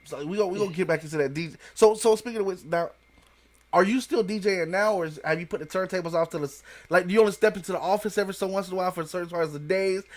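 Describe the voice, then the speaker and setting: Fast-talking male podcast host. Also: high-pitched. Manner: rapid, repeats "you know what I'm saying", frequent restarts. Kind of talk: casual interview chat.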